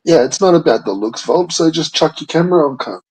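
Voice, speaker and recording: A man's voice: on the high side, animated, a little fast, darkish tone, slightly rough, poor audio. Laid-back man, casual banter. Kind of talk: casual chat.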